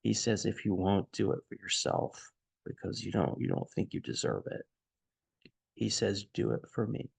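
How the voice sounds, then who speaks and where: Gentle comforting psychic, as a man retells her. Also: lowish voice, big pitch swings, moderate pace, creaky, husky, dry recording, exaggerated voice. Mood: soothing. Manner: soft, soothing, hushed retelling.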